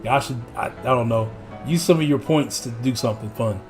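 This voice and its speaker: A man's voice: mid-range voice, fairly quick. A male gaming streamer reads the story dialogue aloud with dramatic emphasis. His voice sits in an ordinary middle register. He breaks off now and then for playful asides to his viewers, over faint game music. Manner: theatrical reading, playful asides to chat.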